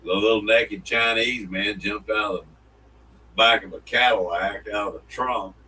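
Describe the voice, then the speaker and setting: A man's voice: on the low side, steady tone, pushed and bright, breathy edge. A man co-hosting a morning radio show, chatting in a rambling, folksy way. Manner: rambling, folksy, quick to laugh. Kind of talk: casual morning show banter. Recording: somewhat distant mic with faint background noise.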